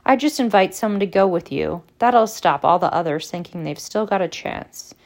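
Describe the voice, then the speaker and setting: Woman doing a know-it-all schoolgirl witch, brisk and scornful, a little fry in it. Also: lowish voice, lively intonation, a little mellow.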